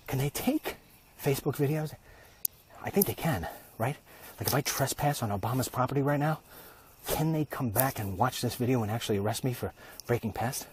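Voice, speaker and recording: A man's voice: mid-range voice, a little fast, background noise. Rambling, jokey man vlogging. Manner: jokey, rambling, mock-conspiratorial. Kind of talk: casual comic rant. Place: outdoors, walking.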